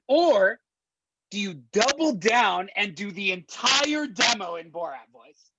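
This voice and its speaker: A man in his twenties, a podcast guest, telling a story casually in a slangy, animated way and swearing freely. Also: sits high, slow, vocal fry, low-quality recording.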